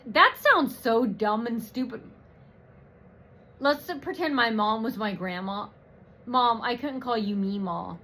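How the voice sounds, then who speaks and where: Woman vlogger, slow profane rant, bright tense tone, mocking, filler-heavy. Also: on the high side. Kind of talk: rambling personal rant.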